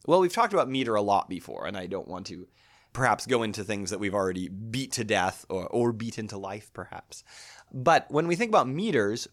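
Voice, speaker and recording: A man in his thirties lecturing on poetry as a literature teacher, thoughtful and animated, thinking aloud with small restarts. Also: medium pitch.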